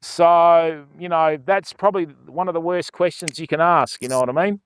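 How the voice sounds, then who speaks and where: Older Aussie bloke, fishing streamer: chatty, high-pitched, clean voice, greets viewers outdoors by a river. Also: male voice, fairly even intonation, moderate pace, smooth. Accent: Australian. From Australia. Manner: chatty, greets viewers, fills talk with "mate" and "you know". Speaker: fishing livestreamer. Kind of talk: casual livestream chat.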